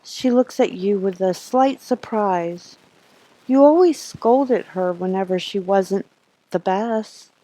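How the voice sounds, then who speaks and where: A woman's voice: mid-range voice, slow, warm tone, low-quality recording. A woman streamer reading a horror game's text aloud, adding her own asides and laughs. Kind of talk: reading a game aloud live.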